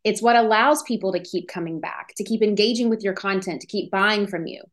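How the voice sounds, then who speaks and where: Energetic woman podcast host. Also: mid-range voice, fairly quick. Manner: energetic, emphatic, acts out inner voices. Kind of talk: motivational business talk.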